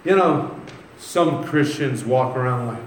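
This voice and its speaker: A man delivers a sermon at an unhurried pace, moving between scripture and conversational stories. His voice sits a little high for a man. The room adds a noticeable echo, with a faint ambient noise behind him. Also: lively intonation, fairly bright tone. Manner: conversational, reads scripture then tells stories. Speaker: preacher.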